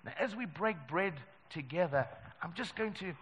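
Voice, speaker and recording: A pastor leading a communion sermon and prayer, talking earnestly and emphatically and repeating key phrases. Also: male voice, high-pitched, animated, normal speed, fairly bright tone, big-room sound, slight background noise, rough recording. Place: church service.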